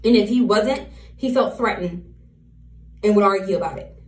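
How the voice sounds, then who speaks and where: A woman's voice: mid-range voice, moderate pace, recorded from a distance. A woman vlogger candidly retelling a personal story to camera, repeating key phrases as she goes. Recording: roomy, from off the mic.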